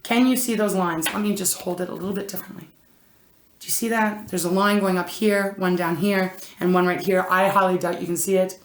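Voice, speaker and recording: A woman's voice: lowish voice, fairly even intonation, a little fast, slight background noise. Chatty woman reading cards in an echoey room. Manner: chatty, rambling, self-interrupting, frequent "oh my gosh". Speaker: intuitive tarot reader. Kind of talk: casual card reading to camera. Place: indoor room. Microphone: camera mic.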